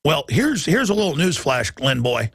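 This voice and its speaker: A male radio talk show host delivering a combative, mocking monologue with a raspy, gravelly voice. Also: fairly high pitch, big pitch swings, normal speed, a bit bright, no room sound.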